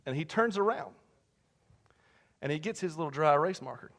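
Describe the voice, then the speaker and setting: A male pastor preaching a sermon, telling a story animatedly and swinging from hushed asides to shouting. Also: fairly high pitch, animated, a little fast, pauses often. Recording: long church hall reverb.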